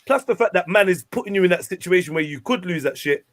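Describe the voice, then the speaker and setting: A man hosts a loose panel conversation, talking with emphatic passion and street slang. His voice sits a bit high for a man. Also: expressive, quick pace. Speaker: show host. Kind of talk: casual panel chat.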